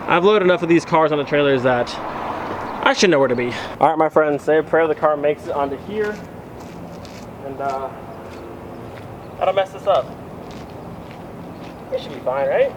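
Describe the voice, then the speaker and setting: A man chatting casually to his viewers outdoors as a vlogger, thinking out loud and calling them his friends. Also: mid-range voice, a little hiss or hum. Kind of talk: casual vlog chat to camera. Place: outdoors by a car trailer.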